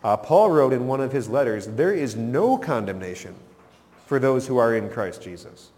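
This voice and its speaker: A man's voice: mid-range voice, animated, normal speed, a little mellow, soft background music. Man, pastor, sermon, emphatic delivery, echoing church hall. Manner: emphatic, rising and dropping for effect.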